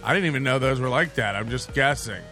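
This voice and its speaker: A man's voice: mid-range voice, lively intonation, fast, pushed and bright, soft background music. A man hosting a casual livestream, rambling and self-mocking, with frequent swearing. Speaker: livestream show host.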